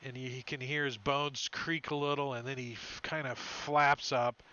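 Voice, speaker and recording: A man's voice: mid-range voice, steady tone, normal speed, sharp tone. A man narrating as dungeon master, in a loose, rambling way that slips into goofy creature voices. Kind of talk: narrating a tabletop game. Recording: dull lo-fi stream audio.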